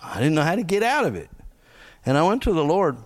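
A man preaching a conversational sermon in a folksy, joking way, laughing often and swinging from quiet asides to loud punchlines. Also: a little high, sing-song, fast.

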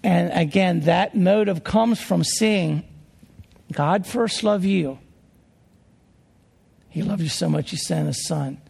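A man preaching a sermon as a pastor, in an earnest, slow delivery full of rhetorical questions. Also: high voice, gravelly, a little mellow, husky. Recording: long hall reverb.

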